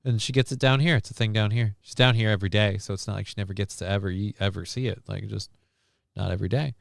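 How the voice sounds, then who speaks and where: A man's voice: lowish voice, steady tone, quick pace, gravelly, dry recording, clean studio sound. A man hosting a casual livestream chat, rambling and often repeating and restarting his words. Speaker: streamer host.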